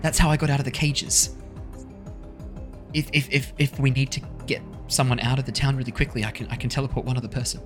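A man's voice: medium pitch, flat delivery, fast, voice pushed up, lightly acted. A man voicing a timid, apologetic young woman spellcaster who stammers, with music behind. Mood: nervous. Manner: hesitant, stammering.

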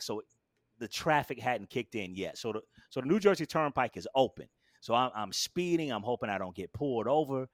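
Animated storytelling man, dry close sound. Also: no echo. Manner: animated, acts out quotes with big jumps in pitch and volume. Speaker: guest. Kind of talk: storytelling in a casual interview.

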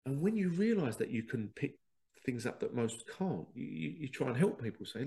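Animated man, chatty monologue. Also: mid-range voice, brisk, gravelly. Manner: animated, self-laughing, quotes others in dialogue. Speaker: podcast host. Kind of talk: casual monologue.

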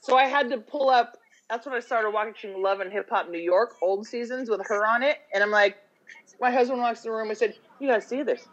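A woman co-hosting a casual podcast chat, playful and quick to laugh, swinging between loud and quiet. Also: fairly high pitch. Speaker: podcast co-host. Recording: dull lo-fi sound.

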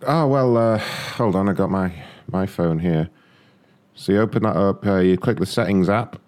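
Very low-voiced man prank-calling. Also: normal speed, darkish tone. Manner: joking, laughs often. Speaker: prank call show host. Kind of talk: prank phone call banter.

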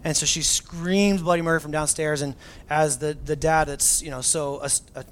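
A man's voice: fairly high pitch, steady tone, normal speed, slight background noise. A man in his thirties, a pastor, preaching a sermon in a casual, self-mocking storytelling way with plenty of fillers.

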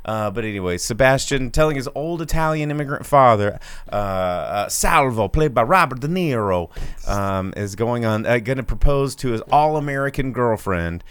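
A man's voice: medium pitch, lively intonation, normal speed, hardly any pauses, a bit bright, smooth, no echo. A man co-hosting a live show, chatting casually and joking around. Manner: jokey, puts on mock voices. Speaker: podcast co-host. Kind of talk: casual chat.

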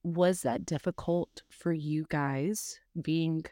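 A woman's voice: deep voice, steady tone, takes it slowly, warm tone, dry recording, clean studio sound. A woman from North Carolina hosting a podcast interview, talking casually with a lot of fillers. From Charlotte, North Carolina. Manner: chatty, many fillers and hedges. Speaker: podcast host.

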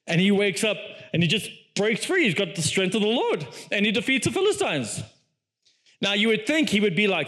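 A man preaching a sermon, telling a story with animated delivery, acting out quoted lines and laughing often as he speaks. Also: normal speed. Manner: animated storytelling, acts out quoted lines with big pitch swings.

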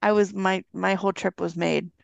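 A woman chatting as a podcast guest, telling an animated story and acting out the quotes. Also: mid-range voice, normal speed, creaky, no room sound, muffled recording. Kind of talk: casual chat, storytelling.

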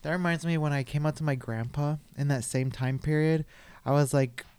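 A man's voice: a little high, fairly even intonation, brisk, a little mellow, smooth, no room sound. A man in casual chat who teases the others and tells his own story, quoting his family. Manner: teasing, chatty, quotes family members in storytelling. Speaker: guest.

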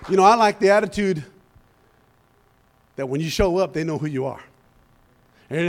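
A man preaching a sermon in an animated storytelling style, rising to shouts and calling out "amen?" and "hallelujah" between points. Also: a little high, moderate pace, long pauses.

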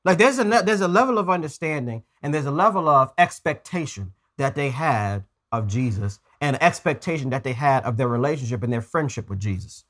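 Animated bright-voiced male preacher. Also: mid-range voice, a little fast, few pauses. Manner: earnest, stumbles and repeats words while preaching. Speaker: pastor. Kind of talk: conversational sermon.

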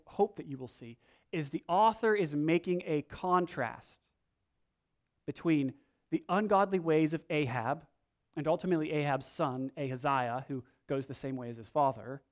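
A male pastor preaching a sermon, reading scripture dramatically and acting out the characters' lines. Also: a little high. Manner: animated, dramatic reading with acted-out quotes.

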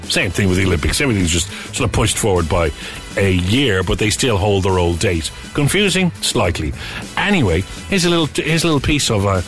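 A man's voice: fairly low pitch, sing-song, brisk, soft background music. A man presenting a radio show in a chatty manner, with wry asides. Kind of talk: casual radio chat.

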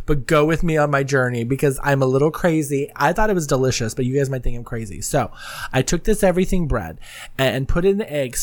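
Chatty woman hosting a solo podcast. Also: low-pitched. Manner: rambling and candid, laughs often mid-sentence. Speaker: podcast host. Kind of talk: casual solo podcast chat.

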